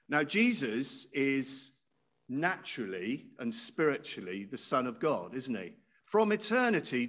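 In a mid-range voice with a fairly bright tone, a man gives a sermon in a conversational style, often turning to his listeners with questions.

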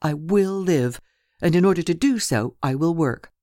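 A woman's voice: low-pitched, lively intonation, normal speed, dark tone, no echo, clean studio sound, pitched above the performer's own voice. A woman narrator voicing a distraught, earnest young woman lodger in an audiobook, speaking with emotional intensity. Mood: intense.

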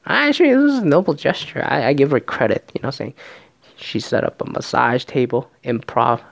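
A man casually recapping a reality show in a profane, sarcastic, animated rant. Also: mid-range voice, a little fast, gravelly, no room sound.

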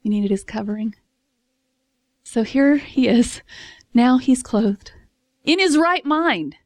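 Chatty, high-voiced woman preacher. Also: takes it slowly, dry recording. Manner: chatty and expressive, laughs often, acts out voices. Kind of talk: casual sermon.

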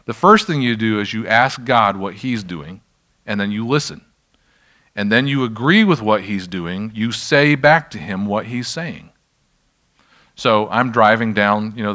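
A middle-aged pastor with a low, sharp-toned voice preaches a sermon while leading a healing ministry. He tells stories conversationally and tosses in self-deprecating asides.

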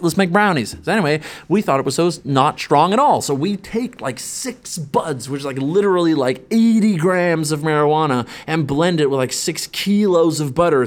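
A young adult man, a stand-up comedian, telling a profane, rambling comic anecdote full of "like" fillers. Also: fairly high pitch. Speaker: stand-up comedian, podcast guest.

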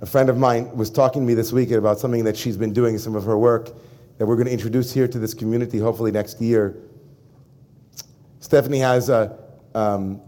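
A rabbi giving a sermon to his congregation, emphatic and animated, often turning to address the listeners directly. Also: mid-range voice, a little fast.

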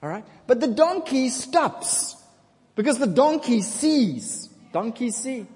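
A male pastor with a fairly high voice tells a scripture story in a loose, joking way, breaking off to ask the congregation to answer. His voice carries a long reverb from a church hall. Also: very animated, slow, a little mellow. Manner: casual, jokey storytelling, asks congregation for responses. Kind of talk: sermon.

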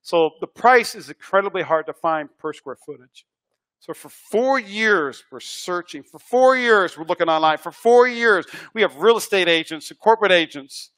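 A male pastor preaching a sermon, swinging between hushed lines and loud, emphatic repeats. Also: high voice, lively intonation, moderate pace.

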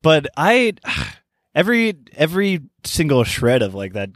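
Animated, jokey man co-hosting a podcast. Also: fairly high pitch, unhurried, no echo, clean studio sound. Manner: jokey, animated, slips into mocking voices. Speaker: podcast co-host. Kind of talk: casual podcast chat.

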